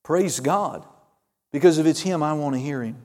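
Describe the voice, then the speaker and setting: A man preaching a fervent sermon, calling out amens and hallelujahs, swinging between loud and hushed. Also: fairly high pitch, moderate pace, big-room sound. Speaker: pastor.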